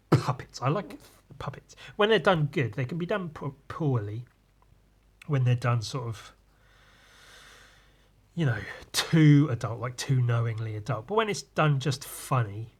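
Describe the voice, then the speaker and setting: A man with a medium-pitched, husky voice hosts a solo podcast after a few drinks. His casual monologue rambles loosely, often trailing off and starting over.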